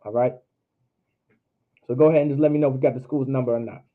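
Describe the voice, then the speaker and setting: A man's voice: medium pitch, steady tone, fast. A man teaching an online alphabet class in a casual way, repeating and drilling each letter sound aloud. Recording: tinny phone-like line.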